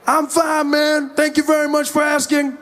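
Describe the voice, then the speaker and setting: A man playing a scared, defiant suspect barricaded from police, shouting his innocence. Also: very high-pitched, completely flat delivery, moderate pace, faint music behind, pitched above the performer's own voice.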